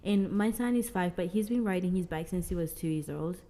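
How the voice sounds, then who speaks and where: A woman's voice: fairly low pitch, fairly quick. A young woman from Mozambique, a guest telling stories in a casual interview, acting out the dialogue with many fillers. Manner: animated, acts out quoted dialogue, frequent "like".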